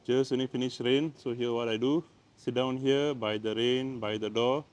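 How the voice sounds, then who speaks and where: A man's voice: medium pitch, fairly even intonation, moderate pace, darkish tone. Chatty Malaysian-accented man teaching outdoors. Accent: Malaysian English. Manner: chatty, playful, repeats words. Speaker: language teacher. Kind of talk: casual outdoor language lesson. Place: by the door of a house, outside in the rain. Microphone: handheld camera.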